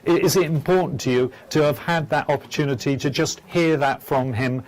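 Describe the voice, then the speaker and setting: Male psychic host, gentle and stammering, slightly raised pitch. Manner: halting, stammering, gentle and soft-spoken. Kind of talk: live phone-in mediumship show.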